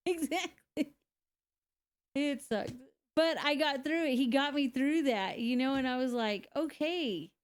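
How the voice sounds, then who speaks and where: A woman's voice: high-pitched, takes it slowly, pauses often. A woman, a single mother, telling her own story in a candid, conversational way, with frequent laughs and fillers. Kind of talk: casual personal testimony.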